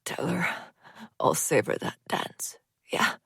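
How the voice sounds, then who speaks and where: A gravelly, husky dying warrior god, as a woman narrator puts him on, short of breath and gasping out each word. He sounds worn and close to silence, in a dry, close audiobook recording. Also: fairly low pitch, sing-song, slow, no echo, full character voice. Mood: weak, fading. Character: dying young male deity warrior, wounded. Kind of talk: audiobook character voice.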